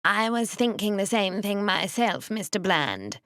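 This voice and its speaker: A woman's voice: medium pitch, lively intonation, measured pace, a bit bright, no room sound, studio quality, voice pushed up. A woman voicing a dull, fussy male post office clerk with a whining, nasal voice. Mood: helpful.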